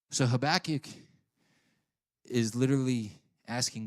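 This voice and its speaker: A male preacher delivers a sermon in a fairly high voice. He reads scripture aloud and acts out the prophet's pleas with animated, theatrical energy. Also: moderate pace. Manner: animated, voices Habakkuk's complaints dramatically.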